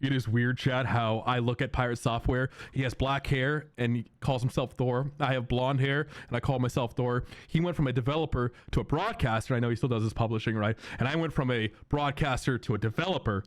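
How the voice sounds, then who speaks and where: A man streaming to his viewers in a loose, rambling chat, often repeating himself and breaking into loud, high, excited laughter. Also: a little fast, few pauses, no room sound, studio quality.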